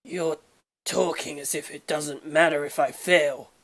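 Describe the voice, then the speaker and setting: An uneasy, puzzled teenage boy asks his questions in a low, subdued voice, as a woman reads him. He talks quietly and sounds wary throughout. The reading comes from a fan audiobook. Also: steady tone, a little slow, creaky, heavily acted.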